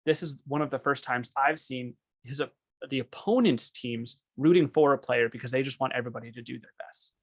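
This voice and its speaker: An esports program presenter gives a webinar over a video call, telling stories with real enthusiasm. His voice is mid-range and his pace a little fast.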